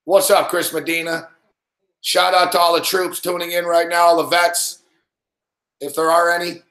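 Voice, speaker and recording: A man's voice: sits high, little pitch movement, normal speed. A man hosting a live sports betting reaction stream, swearing and ranting at the games. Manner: profane, ranting, yells at the game. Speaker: host. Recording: echoey room.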